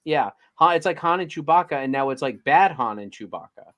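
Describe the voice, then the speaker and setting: A man's voice: a little high, lively intonation, fairly quick, crowd noise. A man co-hosting a show, chatting in an easygoing way and filling his sentences with "like" and "you know". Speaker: podcast co-host. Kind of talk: casual chat.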